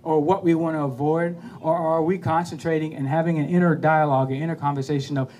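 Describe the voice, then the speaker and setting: High-voiced man telling a motivational story. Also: quick pace, few pauses, slight background noise. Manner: animated, acts out voices, laughs at his own story. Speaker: podcast host.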